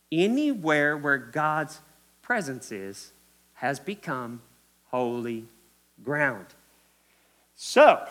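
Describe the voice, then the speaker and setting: A man preaching with a lively, swooping delivery. His voice sits high and sounds bright and forceful. He acts out the lines he quotes and speaks straight to his listeners. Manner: animated preaching, acts out quotes, addresses crowd as guys and y'all. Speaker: pastor. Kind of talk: sermon.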